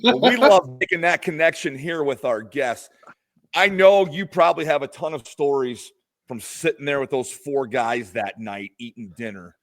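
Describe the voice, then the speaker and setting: A man co-hosts a podcast and leads the interview with friendly, open questions. His voice sits at an ordinary middle pitch. He keeps the talk casual. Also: animated, moderate pace. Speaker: podcast co-host.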